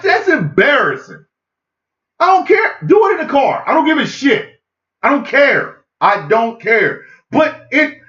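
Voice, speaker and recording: High, shouty ranting man. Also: big pitch swings, measured pace, reverberant, lo-fi sound. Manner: loud, incredulous, repetitive ranting. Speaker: comedy podcast host. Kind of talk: ranting comedic monologue.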